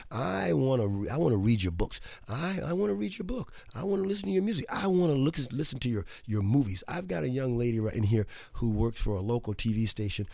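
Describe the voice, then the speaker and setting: A man's voice: mid-range voice, creaky, dark tone, no echo. A man hosting a motivational radio show, talking in a folksy, upbeat way and joking with listeners from a studio. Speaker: radio host.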